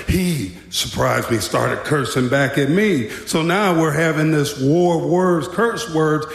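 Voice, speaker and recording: A man telling a wry, dramatic story about his time as a prison guard. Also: high-pitched. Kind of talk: storytelling talk. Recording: echoey hall.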